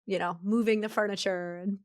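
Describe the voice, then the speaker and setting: A woman's voice: mid-range voice, fairly even intonation, brisk, no room sound, studio quality. A woman in her forties co-hosting a podcast, chatting casually and reflectively, laughing often. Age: 40s. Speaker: podcast co-host. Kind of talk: casual chat.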